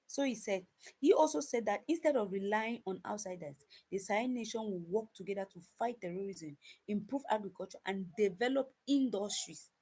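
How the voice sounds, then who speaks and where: A woman with a mid-range, dark voice and a breathy edge gives casual commentary to viewers, calling them "guys." She is emphatic, repeats her points, and often stumbles and restarts her sentences.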